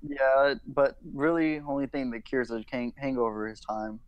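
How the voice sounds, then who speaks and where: A man's voice: medium pitch, flat delivery, moderate pace, clean tone, dry recording, poor audio. A young man co-hosting a casual podcast chat, rambling with lots of "like" and restarts and swearing casually. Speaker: podcast co-host.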